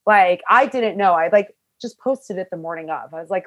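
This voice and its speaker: A young woman casually telling a long story, talking loosely with lots of "like" fillers and animated, quoted asides. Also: lowish voice, moderate pace, few pauses. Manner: chatty, full of "like" fillers, animated retelling. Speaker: hiker telling her story.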